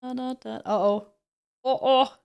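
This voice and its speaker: Chatty woman streamer, slightly high voice. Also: fairly even intonation, unhurried, vocal fry, darkish tone, clear, resonant tone, highs cut off. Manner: chatty, laughing often, exclaiming. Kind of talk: casual chat, reading chat and commenting on her cats.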